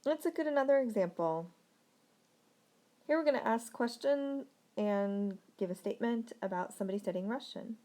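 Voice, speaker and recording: Female teacher, mellow tone, clear and deliberate, slows for example sentences. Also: a little high, animated. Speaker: language teacher. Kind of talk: recorded language lesson.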